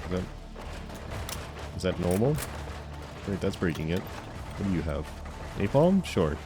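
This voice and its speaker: A man with a deep, low voice commentates a live game stream, chatting with his viewers. He is playful and mock-offended, stumbling over his words in quick restarts. Soft music plays faintly behind him. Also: sing-song.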